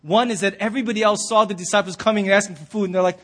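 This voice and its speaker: A man with a strikingly high voice preaches a sermon from the pulpit of his church. He tells the story in a lively way and slips into the voices of the people he quotes. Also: very fast, hardly any pauses. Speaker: pastor. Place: church sanctuary.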